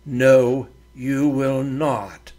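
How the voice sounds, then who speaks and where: A man's voice: medium pitch, fairly even intonation, extremely slow, warm tone. A man voicing a work-hardened frontier ranch wife who talks bluntly and threateningly in a rural drawl.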